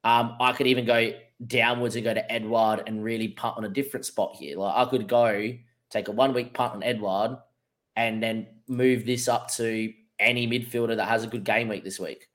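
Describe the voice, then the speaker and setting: A man's voice: medium pitch, steady tone, normal speed, a bit bright. A man co-hosting a fantasy football show, working through his options aloud in casual chat. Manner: thinks aloud through options, with frequent fillers. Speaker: podcast co-host.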